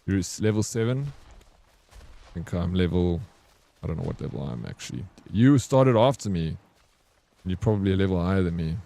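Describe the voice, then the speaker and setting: Low-voiced man with a South African accent. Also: animated, fairly quick, creaky, dark tone, no room sound. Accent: English South African. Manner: rambling, chatty, restarts sentences often. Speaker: streamer. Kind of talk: casual gaming stream chat.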